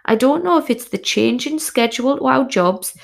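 A woman's voice: sits high, expressive, moderate pace, creaky. A woman telling a frank, sweary, comic personal story as a podcast host.

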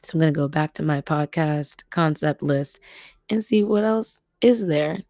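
A young woman from Los Angeles chats through her solo podcast at her family home. Her voice sits low, and she laughs often and breaks into loud exclamations. The sound is close and dry. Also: unhurried, no room sound. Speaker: podcast host. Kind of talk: casual solo podcast chat.

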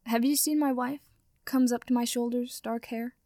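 An oblivious husband who calls out, bewildered, as a woman reader puts him on. The voice is raised and a little high, and it sounds dry and close. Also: fairly even intonation, moderate pace, warm tone, dry recording, lightly acted. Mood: searching. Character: oblivious husband calling for his wife.

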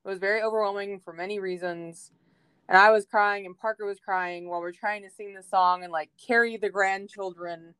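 A woman's voice: mid-range voice, fairly even intonation, fairly quick, fairly bright tone, smooth, no echo. A young adult woman guesting on a faith podcast, telling a personal story in an emotional, heartfelt way with many fillers. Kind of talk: casual faith podcast chat.

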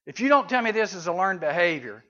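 A youth preacher talks to a room of junior high kids in a conversational way, rising loud and dropping to a hush. His voice sits high for a man. The recording is dull and lo-fi. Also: sing-song, fast talker. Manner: conversational, swings between loud and hushed. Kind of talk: sermon to junior high students.

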